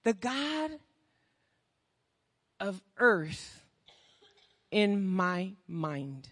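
A woman preaching a sermon with passion, firing rhetorical questions and swinging from hushed tones to shouting. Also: medium pitch, big pitch swings, very slow, long reverb tail.

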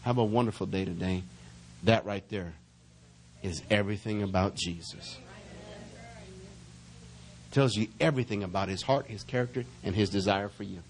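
A middle-aged man preaching a sermon as pastor, reading verses slowly and building in intensity, calling on the congregation to answer back. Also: fairly low pitch. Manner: calls for congregation responses.

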